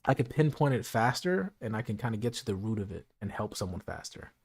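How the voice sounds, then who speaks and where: A man's voice: on the low side, big pitch swings, quick pace, slightly rough. A man streaming a late-night casual chat, earnest and reflective, talking things through with lots of "like" and "you know.".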